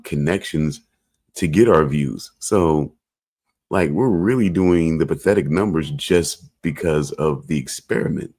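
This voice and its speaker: A man with a very low voice chats loosely on a podcast. He rambles and circles back, tossing in jokes and little asides as he goes. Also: a little mellow. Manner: rambling, joking, repeats "I'm just saying". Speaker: podcast co-host. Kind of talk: casual chat.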